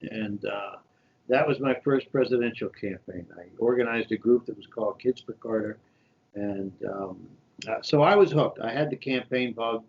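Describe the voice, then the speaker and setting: A man's voice: medium pitch, normal speed, gravelly. A man in his sixties from New York, telling stories as a podcast guest and acting out the voices of people he quotes. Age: 60s. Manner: animated anecdotes, acts out quoted voices. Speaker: shadow senator, guest. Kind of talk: storytelling interview. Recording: dull lo-fi podcast audio.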